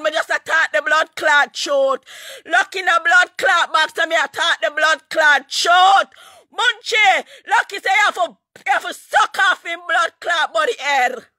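A woman with a Jamaican patois accent ranting angrily on a livestream, shouting, cursing and taunting over and over, her voice breaking near tears at times. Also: very high voice, no echo, studio quality. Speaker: online ranter. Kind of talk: angry livestream rant.

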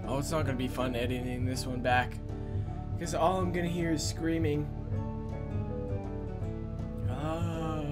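A hoarse young man plays a game and yells at it, cursing in angry bursts. His voice sits high and swings widely, drawn out and slow between outbursts. Game music plays faintly underneath. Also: expressive. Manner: shouting, cursing, frustrated rants. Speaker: let's play gamer. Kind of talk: angry gameplay commentary.

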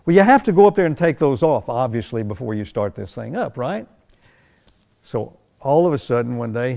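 Older male storyteller, gravelly, folksy and rambling, racing-team owner recounting anecdotes. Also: medium pitch, dark tone. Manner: folksy, conversational, rambling with restarts. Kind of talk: animated anecdote telling.

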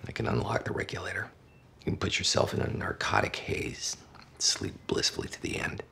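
A man's voice: a bass voice, sing-song, a little fast, gravelly, sharp tone, in a whisper, full character voice. An actor playing a sardonic middle-aged male doctor who talks in a dry, cutting way. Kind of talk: TV drama acting.

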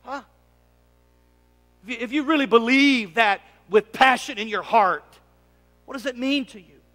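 A male pastor preaching a sermon, asking his congregation to answer back and swinging from loud emphatic lines to quiet asides. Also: extremely high pitch, unhurried. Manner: preaching, calling for congregation responses. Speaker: lead pastor. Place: church sanctuary. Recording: long reverb of a church sanctuary.

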